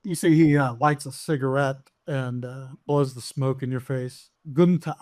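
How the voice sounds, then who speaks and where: A man's voice: medium pitch, fairly even intonation, normal speed, darkish tone, no echo, studio quality. A man narrating as game master in a tabletop game, full of fillers and restarts. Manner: hesitant, many fillers and restarts.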